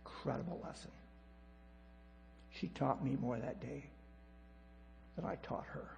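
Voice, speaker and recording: A man preaching a sermon as pastor, emphatic and repetitive, swinging between loud declarations and quiet asides. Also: mid-range voice, a little slow, creaky. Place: church sanctuary. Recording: reverberant hall with mains hum.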